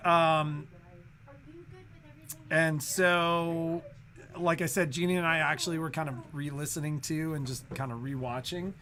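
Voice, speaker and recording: A man's voice: on the high side, a bit bright. A man co-hosting a sewing shop update, musing thoughtfully with many fillers and restarts.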